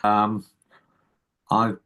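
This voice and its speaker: A man's voice: lowish voice, monotone, extremely slow, bright, forceful tone. A man in his sixties with Welsh heritage, a musician guest in a casual interview, talking hesitantly with stammering restarts. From Wales by heritage, lives in England.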